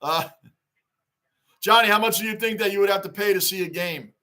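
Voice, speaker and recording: Hosting a casual sports livestream, a man reads out fan chat in a high voice that sounds bright and forceful. He moves briskly, greets viewers by name and restates his points as he chats.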